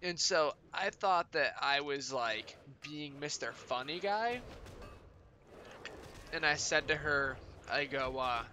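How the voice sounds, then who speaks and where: Streamer dude rambling to chat, swears a ton, bright sharp voice. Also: male voice, on the high side, animated, slow pace, slight background noise. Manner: rambling, heavy swearing, lots of "like". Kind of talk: casual chat with viewers.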